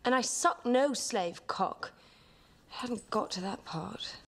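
A woman's voice: a little high, animated, slow pace, vocal fry, slightly rough, exaggerated voice. An actress playing a defiant young noblewoman in a period drama, sulky and stubborn.

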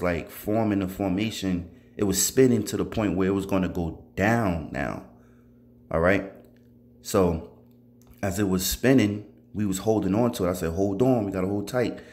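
Low-pitched man, testimony storyteller, loose rambling delivery full of "you know" and restarts. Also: darkish tone. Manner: rambling, conversational, many fillers and restarts. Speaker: testifying believer. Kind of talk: recounting a dream as a religious testimony.

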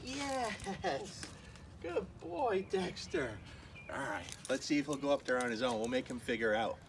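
A male dog trainer talking casually on camera while playing with a puppy, breaking into high, excited praise between calm asides. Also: measured pace. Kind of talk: casual training vlog talk. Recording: distant voice with clear background noise.

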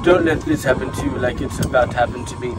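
A man's voice: medium pitch, fast, heavy background noise. A man playing a goofy mock field reporter, talking mock-serious and laughing at his own slips. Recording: loud music under the voice.

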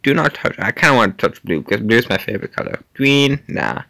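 A man hosting a gaming channel, chatting casually to himself and his viewers as he plays, with quick little laughs. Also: fairly low pitch, very animated, vocal fry, pushed and bright, no echo. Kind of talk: casual gameplay commentary.

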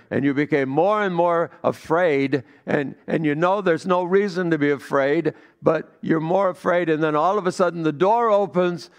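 Gravelly-voiced pastor preaching a sermon. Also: male voice, a little high. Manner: storytelling, swings from hushed to emphatic.

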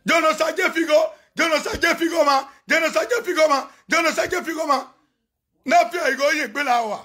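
A Nigerian man on a phone live video, ranting and chanting loudly, often shouting and switching between Pidgin and local languages. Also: very high-pitched, normal speed. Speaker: social media personality on a live video. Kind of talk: animated live-stream rant and chanting.

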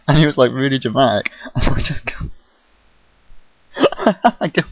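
Young man, giddy and caffeine-hyper, giggling through a slow rambling clip on a dry, dull lo-fi mic. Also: medium pitch, no room sound. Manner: giggly, hyper, keeps breaking into laughter. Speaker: vlogger. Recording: dull lo-fi home recording.

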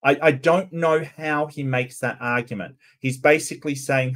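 A man's voice: on the high side, steady tone, moderate pace, a bit bright. A man hosting casual reaction commentary, incredulous and questioning, with frequent restarts. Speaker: commentary host.

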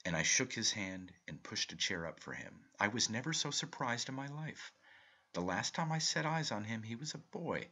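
Deep, husky male storyteller. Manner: measured, expressive first-person storytelling. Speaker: reader. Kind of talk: audiobook narration of a short story.

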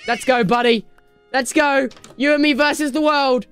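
A man streaming gameplay in casual chat, excitable and prone to sudden high shrieks and shouts. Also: moderate pace, soft background music. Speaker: game streamer.

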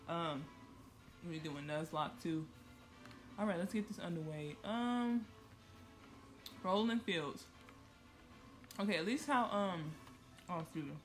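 A woman's voice: on the low side, slow, pauses often, faint music behind. A woman hosting a gaming channel, giving chatty, joking let's-play commentary and reacting aloud to the game.

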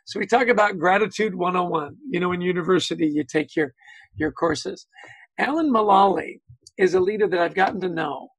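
A man's voice: high voice, a little fast, fairly bright tone, slightly rough, no room sound, low-quality recording. A man speaking as a guest on a video-call webinar, telling anecdotes, acting out quotes and saying "you know" often. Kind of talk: conversational webinar talk.

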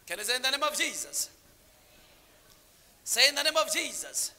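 A man preaching with a strikingly high, bright voice. He draws call-and-response from the congregation and moves between low murmured asides and shouted lines. The sound rings with the long reverb of a church hall. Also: sing-song, moderate pace. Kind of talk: sermon.

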